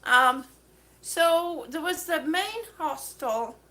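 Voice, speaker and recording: A woman on oxygen, hosting a livestream and telling stories, chatty and quick to laugh. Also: sits high, animated, sharp tone. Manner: chatty storyteller, laughs often. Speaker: livestream host. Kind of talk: casual chat, reading viewer comments.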